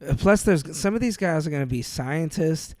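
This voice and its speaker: A man's voice: on the high side, animated, moderate pace, darkish tone, dry recording. A man tells a rambling story on a podcast, full of "dude" and little laughs. The recording is dry and close, with no room sound. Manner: rambling anecdotal, laughs often, slangy "dude". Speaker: podcast co-host. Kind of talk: casual storytelling chat.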